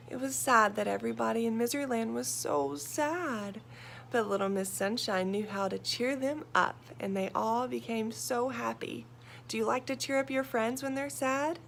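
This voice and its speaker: Slow gentle woman reading a children's story. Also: on the high side, vocal fry, slight background noise.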